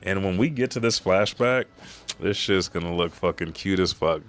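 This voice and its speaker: A man hosting a live read-along of a comic, excited, slangy and profane. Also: deep voice, moderate pace. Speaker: host.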